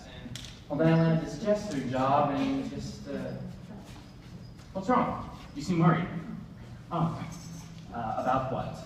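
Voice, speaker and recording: Court jester played by a young man, halting, guessing aloud, slow, noisy echoey hall from far away. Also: a little high. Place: school theatre stage.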